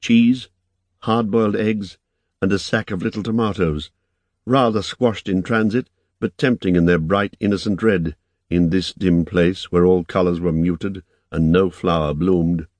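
A man narrating an audiobook in a measured, even storytelling manner. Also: sits low, dry recording.

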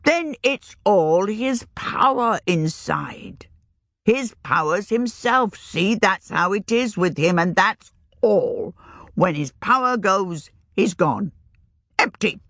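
A woman voicing a shrewd, earthy old village witch who talks in a rustic, old-fashioned country way, her pitch raised and wavering. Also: expressive, slow, a bit bright, no echo, studio quality, heavily acted. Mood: confiding. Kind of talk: audiobook reading.

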